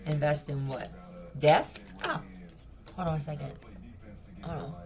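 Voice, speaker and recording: A woman's voice: deep voice, a little slow, over music. A woman giving a casual tarot reading, blunt, profane and mocking. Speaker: tarot reader.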